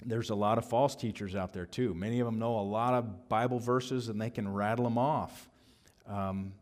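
Male pastor preaching through a passage, measured and halting, plenty of ums and restarts. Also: fairly low pitch, darkish tone. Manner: thoughtful, halting, many fillers and restarts. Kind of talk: expository sermon.

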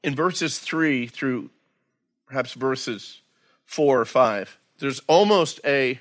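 Man of average pitch preaching in a church, talks to the flock casually and earnestly. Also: slow pace. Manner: conversational, earnest preaching with frequent "man" and "again". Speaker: pastor. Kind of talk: expository sermon.

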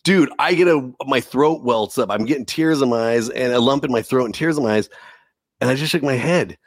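A man's voice: mid-range voice, a little fast, no room sound, clean studio sound. A man telling his life story in a casual, earnest way, often calling his listener "dude.". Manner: earnest, animated, says "dude" a lot. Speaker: guest telling his testimony.

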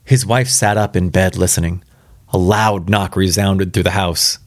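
A man's voice: deep voice, fairly even intonation, moderate pace, dry recording, clean studio sound. A man reading a spooky story aloud for the first time, casual and reacting aloud between passages. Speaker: reader.

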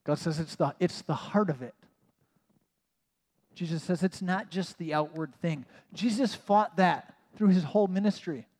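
A man's voice: high voice, normal speed, a little mellow. A man preaching a conversational sermon as a pastor, casual and self-mocking, with many "like" asides. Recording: long reverb of a large hall.

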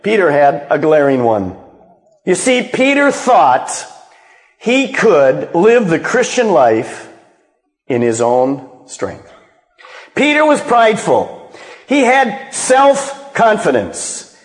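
A man's voice: sits high, wildly swooping pitch, slow pace. A male pastor preaching a sermon as a dramatic storyteller who acts out the quotes. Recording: long reverb of a large hall.

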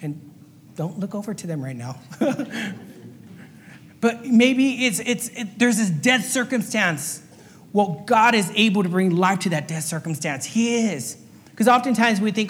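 A man's voice: sits high, normal speed. A man preaching a sermon as pastor and fire chaplain, earnest and repetitive, sometimes acting out little voices. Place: church sanctuary. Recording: long hall reverb.

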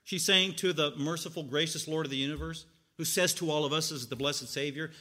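A man preaching a sermon in a high, bright voice. He moves between quiet explaining and loud, lively outbursts, and he acts out the characters as he goes. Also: fairly quick. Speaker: pastor. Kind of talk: expository sermon.

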